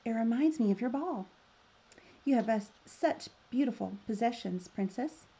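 Friendly frog guy done by a woman, polite, gravelly and mellow. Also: on the high side, expressive, moderate pace, highs cut off. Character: polite, cheerful male frog prince.

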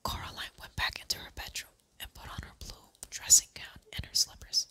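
Asmr whisper reading, gentle slow storyteller, very bright crisp hiss. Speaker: ASMR channel host.

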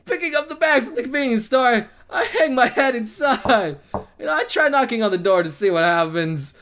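Excitable, giggly man reacting to a game. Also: extremely high pitch, moderate pace, a little hiss or hum. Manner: excitable, laughing, swearing reactions. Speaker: gaming channel host. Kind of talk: let's play commentary.

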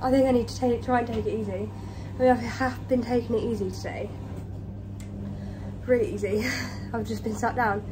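A woman's voice: fairly high pitch, steady tone, normal speed. A young British woman chatting casually in a home vlog, out of breath and talking to her pets. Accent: British English. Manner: chatty, talks to pets in baby voice. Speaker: vlogger. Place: home kitchen. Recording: noisy home recording. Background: washing machine and tumble dryer running.

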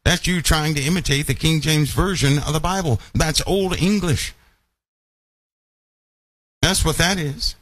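A man preaching a Bible-study sermon who keeps asking his listeners questions and slows down to stress key lines. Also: a little high, a bit bright, no room sound. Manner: emphatic, asks the audience questions often.

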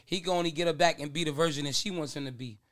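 A man's voice: on the high side, rapid-fire, a crowd in the background. A man in a casual group chat, blunt and chiming in to agree. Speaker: podcast guest.

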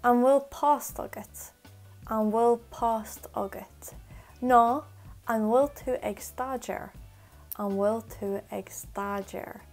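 A woman tutor talks through phrases in a relaxed, chatty lesson, racing through her explanations and slowing down to repeat each example. Her voice has a gravelly edge. Soft music plays faintly under her. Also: fairly high pitch. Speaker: Irish language tutor. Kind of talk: casual spoken language lesson.

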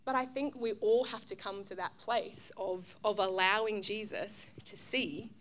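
An Australian woman pastor preaching a casual, conversational sermon, full of fillers and restarts, who acts out the voices in her stories with loud, high outbursts. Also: steady tone, unhurried, slight background noise. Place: church stage.

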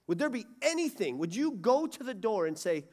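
A middle-aged man preaching a sermon, swinging from loud urgency to hushed pleading. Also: high-pitched, sing-song, fairly quick. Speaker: pastor. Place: church sanctuary.

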